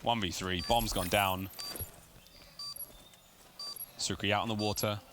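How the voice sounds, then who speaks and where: A man calling play-by-play for a competitive video game match, rapid and rising to shouts on big plays, with game noise behind him. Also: on the low side, fairly even intonation. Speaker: esports caster. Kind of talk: play-by-play commentary.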